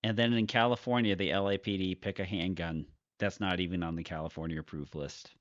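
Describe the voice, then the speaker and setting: A man's voice: sits low, steady tone, brisk, no echo. A man hosting a podcast, joking wryly in casual chat and reading the show outro. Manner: joking, wry. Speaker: podcast host. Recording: dry, dull lo-fi audio.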